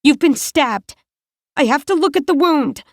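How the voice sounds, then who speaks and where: A woman's voice: sits high, expressive, measured pace, dry recording, studio quality, pitched above the performer's own voice. A woman voicing a frantic teenage girl who gives urgent orders while tending a wounded boy. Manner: urgent, pleading, commanding.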